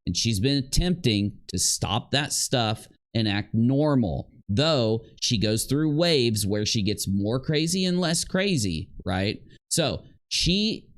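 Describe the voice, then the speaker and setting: A man's voice: medium pitch, animated, slow, few pauses. Guy doing drama commentary, talks up and down a lot, keeps hammering the same point. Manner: emphatic, repetitive, mimics the woman in quotes. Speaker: commentary channel host. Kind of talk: drama commentary, analyzing clips.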